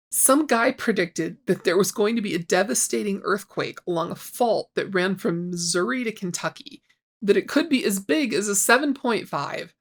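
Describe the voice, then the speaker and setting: Sarcastic woman book critic. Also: mid-range voice. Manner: sarcastic, wry, gets heated. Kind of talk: scripted commentary with read excerpts.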